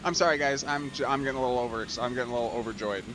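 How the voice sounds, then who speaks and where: Excitable man narrating gameplay. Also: mid-range voice, very fast, slight background noise. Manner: excitable, gushing, laughs often. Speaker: let's play host. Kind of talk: gameplay commentary.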